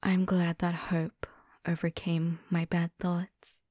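In a whispered role-play, a young woman plays an obsessive and devoted young lover. She speaks softly and intimately in a slow, mellow half-whisper. The recording is close and dry. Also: fairly low pitch, monotone, no room sound. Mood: emotional.

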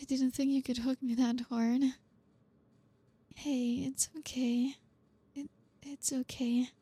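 A woman voicing a blunt, reserved young woman who is gruff but caring, talking to the listener in an audio role-play in a halting, awkward way. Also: high voice, mellow, no room sound, full character voice. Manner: halting, awkward, stumbling over words.

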